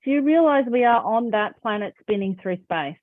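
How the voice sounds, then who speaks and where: A woman coach gives a motivational talk in an encouraging, emphatic way, her voice at a middle pitch. The sound is narrow and phone-like, as over a video call, and the room sounds dry. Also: animated, moderate pace, dry recording. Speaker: confidence coach.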